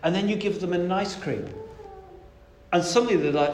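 A man's voice: high voice, fairly quick, darkish tone, echoey room, a little hiss or hum. A man preaching a sermon in a conversational, emphatic way, stressing key words.

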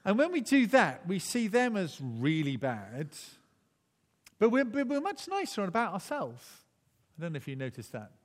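Man, preacher, sermon, chatty restarts, lively intonation, long hall reverb. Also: sits high, normal speed. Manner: conversational, with frequent restarts and chuckles.

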